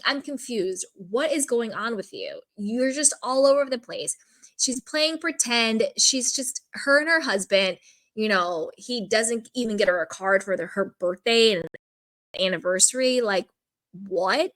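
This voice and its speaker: Chatting casually about a reality show, a woman offers frank opinions and leans heavily on "like." Her voice is slightly high and a bit bright.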